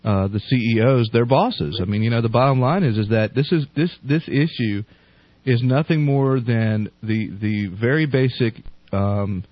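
A man in casual political chat, halting with restarts and slow emphasis. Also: mid-range voice, no echo. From United States. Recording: dull lo-fi dry line.

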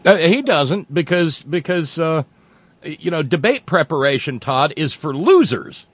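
A man's voice: a little high, animated, a little slow, fairly bright tone, breathy edge, dry recording. A male host on a call-in show, taking the call with dry, sarcastic humor. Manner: wry, sarcastic, teasing. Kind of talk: casual call-in talk.

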